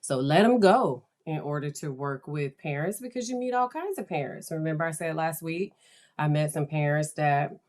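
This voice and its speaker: A woman's voice: low-pitched, lively intonation, normal speed, a little mellow. A woman hosting her own podcast, talking in a chatty, enthusiastic way and laughing often. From United States. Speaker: podcast host. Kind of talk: casual podcast talk.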